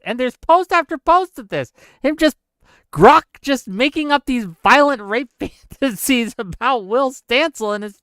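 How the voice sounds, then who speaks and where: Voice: mid-range voice, animated, moderate pace, a bit bright, clean tone, dry recording, clean studio sound. A live-stream show host giving incredulous, exasperated commentary, laughing in disbelief and reading out viewer chat. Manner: exasperated, many filler "okay?" tags.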